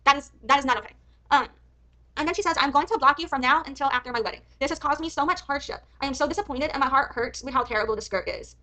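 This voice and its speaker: A woman's voice: high-pitched, fast, pushed and bright, rough recording. A woman streamer giving heated reaction commentary, often swearing and ranting angrily. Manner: heated, swearing, angry rants.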